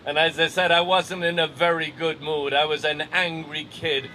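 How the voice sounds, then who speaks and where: An older man from Ireland with an Irish accent, telling a personal story in a measured, wry, deliberate way. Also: fairly high pitch, level tone, bright, forceful tone, slight background noise, poor audio.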